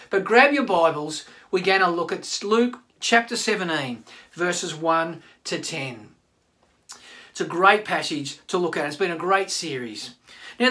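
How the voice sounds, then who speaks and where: A man, a pastor giving a chatty online sermon and talking straight to his listeners. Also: high-pitched. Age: 50s. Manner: chatty, animated, addresses listeners directly.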